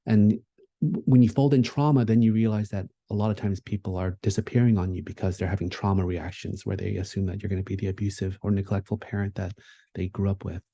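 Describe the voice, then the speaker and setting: A man with a low, very warm and mellow voice delivers a keynote talk. He speaks in a reflective, conversational way, often pausing with fillers and restarting sentences. The sound is dry and close. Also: little pitch movement, no room sound.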